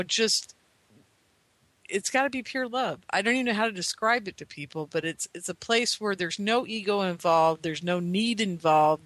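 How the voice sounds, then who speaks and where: A man's voice: high voice, pushed and bright, dry recording. A man in his fifties telling a rambling, earnest personal story as a guest, with many "you know" asides. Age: 50s. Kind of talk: casual anecdotal storytelling.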